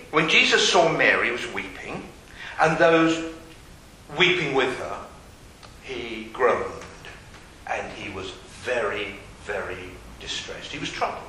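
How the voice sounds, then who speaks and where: A man preaching a sermon, asking his listeners pointed questions and dropping from loud to hushed. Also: mid-range voice. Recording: very echoey hall with faint hiss.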